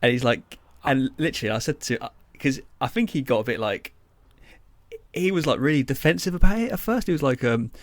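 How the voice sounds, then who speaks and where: This young co-host's medium-pitched voice is expressive and brisk, recorded with no echo. He tells casual, rambling podcast stories heavy with fillers and swearing.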